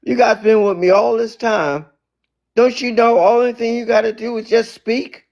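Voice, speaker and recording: A man's voice: extremely high pitch, fairly even intonation, normal speed, darkish tone, muffled recording, pitched above the performer's own voice. A man acting out an exasperated, patient male teacher figure who scolds his followers. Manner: exasperated, scolding but reassuring.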